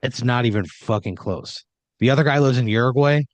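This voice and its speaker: A man's voice: medium pitch, a little fast, no room sound. Rambling young man telling an improvised story. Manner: rambling, filler-heavy and profane. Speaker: podcast host and storyteller.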